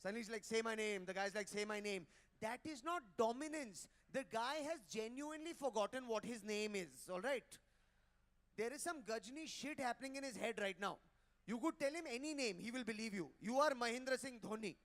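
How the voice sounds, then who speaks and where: Male stand-up, high voice, teasing crowd work at a hotel ballroom event. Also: animated, brisk, a bit bright. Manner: brash, teasing, crowd-roasting. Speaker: stand-up comedian. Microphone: handheld mic.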